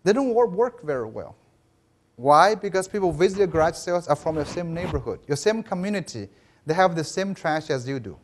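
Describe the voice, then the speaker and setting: An education professor with a lively, high voice gives a keynote lecture in a conference hall, speaking a little fast over slight background noise. He tells stories animatedly, asks the audience "right?", and restarts often.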